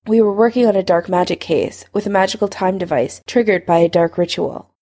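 A woman's voice: on the low side, a little fast, dark tone. A woman voicing a young male wizard who speaks in a wary, blunt way.

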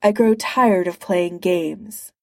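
A woman's voice: lowish voice, darkish tone, dry recording, clean studio sound. A woman doing a cold, haughty armored tyrant. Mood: disdainful. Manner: slow, clipped, commanding.

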